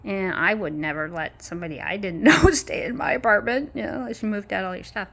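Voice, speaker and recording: A woman chats casually and rambles for her vlog in an apartment courtyard, punctuating it with frequent small laughs. She speaks fairly quickly in a mid-range voice that is gravelly and a bit bright.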